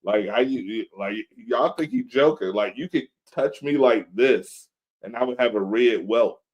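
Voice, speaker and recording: A man's voice: mid-range voice, measured pace, darkish tone, muffled recording. A man in his thirties, co-hosting a podcast in casual chat, telling laid-back stories and acting out quotes. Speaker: podcast co-host. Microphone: video call.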